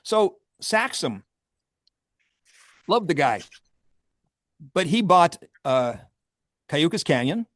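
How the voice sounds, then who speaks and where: A man's voice: fairly high pitch, sing-song, takes it slowly, pauses often, fairly bright tone, no room sound, studio quality. A man who owns a vineyard, talking candidly and with wry humor in a casual interview, often laughing. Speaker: vineyard owner and grape grower.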